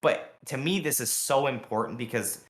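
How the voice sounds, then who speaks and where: A man co-hosting a podcast, talking fast and heatedly in a long rambling rant full of fillers. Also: mid-range voice, roomy sound. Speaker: podcast co-host. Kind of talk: casual podcast chat.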